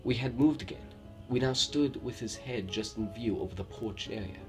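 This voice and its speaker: A man from Romania with a Romanian accent, reading true scary stories aloud with a steady storytelling delivery and the odd slip. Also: mid-range voice, normal speed. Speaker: horror story narrator. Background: faint background music.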